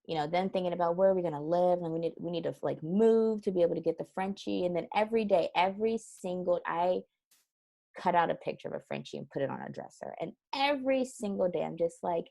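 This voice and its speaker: A woman's voice: fairly low pitch, normal speed, creaky. A woman guest on an interview show, telling stories in casual chat, acting out what people said and laughing often. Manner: animated storyteller who acts out quoted voices; laughs often while talking. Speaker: guest, transformation strategist.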